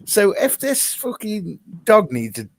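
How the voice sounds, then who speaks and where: A man's voice: high voice, big pitch swings, slow, no room sound. A man in a casual online group chat, telling a story animatedly and swearing.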